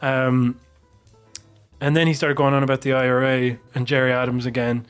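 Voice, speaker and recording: A man's voice: mid-range voice, flat delivery, moderate pace, clear, resonant tone, faint music behind. A man on a podcast telling a long, rambling anecdote with plenty of swearing. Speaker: podcast co-host. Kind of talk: casual podcast chat.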